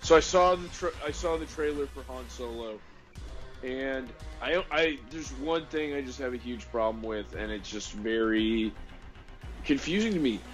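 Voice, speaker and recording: A man co-hosting a podcast, chatting in an excitable, animated, incredulous way. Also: medium pitch, normal speed, faint music behind. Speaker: podcast co-host. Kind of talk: casual chat.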